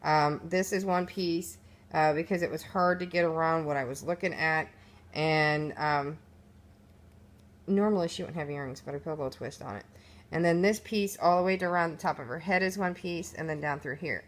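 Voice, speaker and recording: Chatty low-voiced woman showing crafts. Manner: chatty, rambling, many fillers and restarts. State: sleepy, yawning. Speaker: crafter showing her project. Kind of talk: casual show-and-tell walkthrough. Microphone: phone camera.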